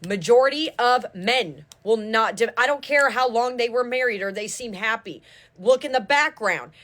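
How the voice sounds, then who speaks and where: A woman's voice: on the high side, normal speed, fairly bright tone. A woman giving a tarot reading in an urgent, preaching way, often asking if listeners understand and swearing casually. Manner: fervent, preachy, repeats "do you understand". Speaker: tarot reader.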